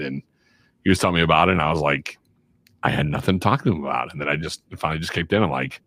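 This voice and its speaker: A man from Chicago swaps stories on a casual podcast, animated and quick to poke fun at himself. His voice sits very low and the sound is dry and close. He acts out the people in his stories as he goes. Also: no echo. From Chicago, USA. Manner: animated, self-mocking, acts out quotes. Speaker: guest, radio and voiceover artist.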